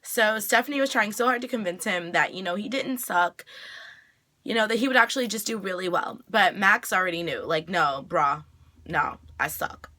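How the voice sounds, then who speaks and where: Bright-voiced chatty woman vlogger. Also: medium pitch, a little fast. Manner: chatty, filler-heavy retelling with frequent "like". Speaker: TV review vlogger. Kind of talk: casual episode recap.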